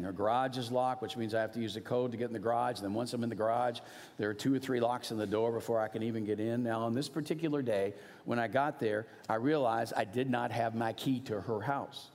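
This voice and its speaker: Middle-aged male pastor, mid pitch, earnest sermon storytelling, long reverb of a church hall. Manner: earnest storytelling, swings from animated to hushed.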